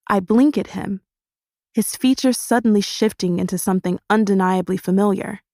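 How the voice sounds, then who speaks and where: A woman reading a first-person audiobook in a steady, expressive storytelling manner. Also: mid-range voice, gravelly, no echo, studio quality. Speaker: audiobook narrator.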